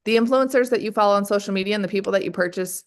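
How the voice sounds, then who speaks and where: Energetic woman sales trainer, mid-range voice, fires off rhetorical questions and keeps addressing the team directly. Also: mid-range voice, racing. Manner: energetic, keeps calling the audience "you guys". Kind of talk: motivational training call.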